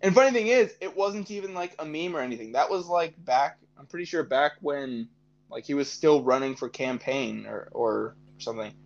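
A man's voice: fairly high pitch, lively intonation, normal speed, lo-fi sound. A young man co-hosting a podcast in casual chat, laughing often and rambling. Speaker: podcast co-host.

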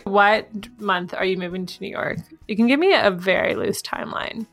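Woman co-host, relaxed joking banter, faint music underneath. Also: mid-range voice, moderate pace. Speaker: podcast co-host. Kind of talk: casual chat.

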